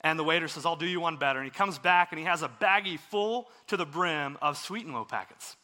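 A man delivers a sermon in a high, bright voice. He tells a story in an earnest, conversational manner, as if talking with his congregation. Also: animated, fairly quick. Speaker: preacher.

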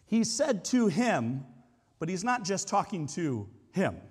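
A man's voice: high voice, sing-song, slow, slightly rough. A man preaching a sermon as a pastor, talking in a conversational, explanatory way with frequent hedging asides. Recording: long hall reverb.

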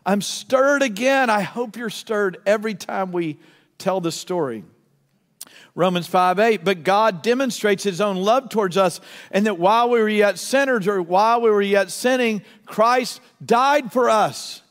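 A male pastor preaching a sermon in a church, fervent, stacking emphatic repeated phrases and then easing into soft, slow passages. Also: high-pitched. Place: church sanctuary. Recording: long reverb of a large hall.

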